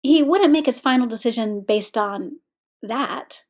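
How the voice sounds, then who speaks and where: Woman reading a gentle, affectionate young man. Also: a little high, measured pace, lightly acted. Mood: unsure.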